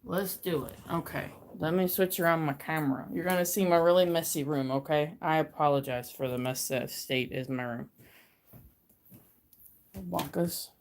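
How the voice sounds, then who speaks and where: A woman's voice: low-pitched, moderate pace. A woman chatting casually on a livestream from her messy bedroom, rambling and getting hyper, talking into her phone. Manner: rambling, gets hyper and excitable. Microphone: phone camera.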